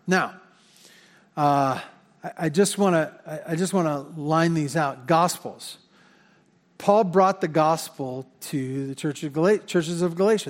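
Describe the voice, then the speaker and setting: Pastor preaching with high voice in hall. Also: male voice. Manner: conversational, self-correcting, repeats words. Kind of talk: sermon. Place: church sanctuary. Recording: long hall reverb.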